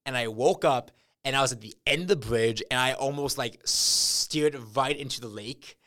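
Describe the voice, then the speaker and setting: A man's voice: mid-range voice, moderate pace, no echo, clean studio sound. Rambling young man telling absurd stories. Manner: rambling, absurd deadpan storytelling. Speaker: podcast co-host. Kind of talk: casual chat.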